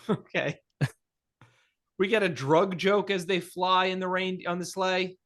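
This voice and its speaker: A man's voice: high-pitched, fairly even intonation, a little slow, a bit bright. A man co-hosting a podcast in casual chat, making snarky, profane jokes. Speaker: podcast co-host.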